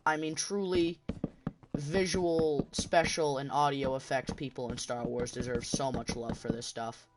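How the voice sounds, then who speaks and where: A man's voice: mid-range voice, fairly even intonation, a little slow, background noise. A man hosting a gaming channel, talking in a casual rambling monologue while he plays, passionate and often restarting his sentences.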